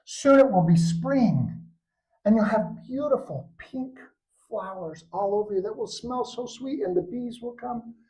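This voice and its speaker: An older man voicing a kind, wise creator in a low, soft, consoling voice for a told story. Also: big pitch swings, a little slow, heavily acted, rough recording.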